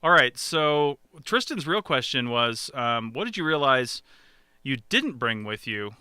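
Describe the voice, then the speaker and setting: A man chats casually as a podcast host, wandering through his points with frequent ums and self-corrections. His voice is very bright and smooth. The sound is close and dry. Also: mid-range voice, very animated, unhurried, no echo. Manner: rambling, many ums and restarts.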